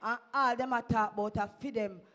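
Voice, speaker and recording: A woman's voice: fairly high pitch, fairly even intonation, brisk, fairly bright tone. A woman with a Jamaican accent gives a fervent testimony to a church congregation, exhorting the listeners and slipping into Patois. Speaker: church member giving testimony. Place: church sanctuary.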